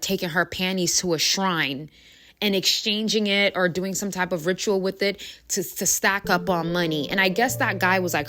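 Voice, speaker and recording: Chatty woman with music behind. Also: on the low side. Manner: chatty, rambling, many fillers. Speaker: spiritual coach. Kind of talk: casual storytelling to viewers.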